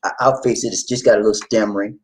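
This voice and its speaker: A woman hosting a casual chat, telling a story in an animated way with laughter. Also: a bass voice, fast, low-quality recording. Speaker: host.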